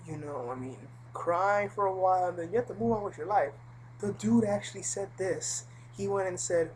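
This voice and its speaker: A woman's voice: on the low side, a little fast, darkish tone, slight background noise, poor audio. A woman telling a personal story in a casual, rambling vlog, full of fillers and asides. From Puerto Rico. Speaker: vlogger.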